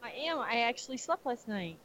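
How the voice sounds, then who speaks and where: A woman's voice: fairly high pitch, big pitch swings, brisk, fairly bright tone, a little hiss or hum. A woman telling a long anecdote in casual chat, laughing often as she goes. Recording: dull lo-fi audio.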